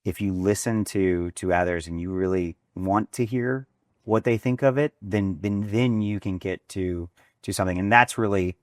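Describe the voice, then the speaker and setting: Man in his forties, very low voice, animated storyteller, dry close sound. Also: normal speed, no echo. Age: 40s. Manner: animated storyteller, acts out dialogue, frequent restarts. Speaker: restaurant chain executive, guest. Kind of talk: conversational interview storytelling.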